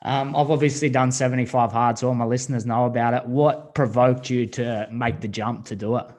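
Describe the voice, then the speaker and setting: A man's voice: medium pitch, steady tone, a little fast, a little mellow. A man hosting a podcast, asking questions and giving short encouraging replies. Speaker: podcast host. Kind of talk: interview questions.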